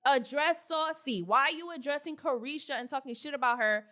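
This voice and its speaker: A woman's voice: sits high, fast talker, pushed and bright. A woman co-hosting a podcast, sarcastic and swearing freely in casual chat. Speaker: podcast co-host.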